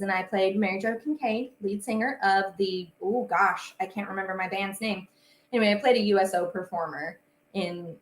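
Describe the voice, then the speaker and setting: A woman's voice: medium pitch, a bit bright. A young woman hosting a casual livestream while she bakes, chatty and bubbly with frequent fillers. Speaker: host and singer. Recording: echoey room with faint ambience.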